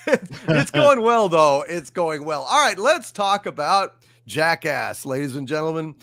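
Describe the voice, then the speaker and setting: High-voiced wry male show host. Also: big pitch swings, slow pace, creaky, a bit bright, no echo. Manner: wry, sarcastic commentary. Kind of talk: live pop culture panel show.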